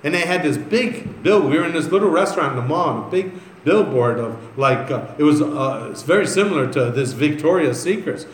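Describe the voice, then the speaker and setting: A man's voice: on the high side, lively intonation, fairly quick, slight background noise. A man preaching a sermon, reading scripture aloud and then telling stories in a loose, conversational way. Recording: echoey room with faint ambience.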